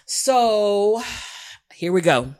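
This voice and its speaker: A middle-aged woman in a casual conversation, telling candid stories in an animated way and quoting her own past dialogue. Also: mid-range voice, drawn-out words, smooth.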